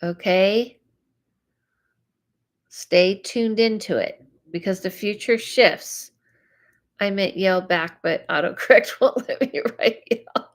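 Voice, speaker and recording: Woman psychic host, casual live-stream chat, mid-range voice, slow delivery. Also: medium pitch. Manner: chatty, reacts to viewer comments aloud.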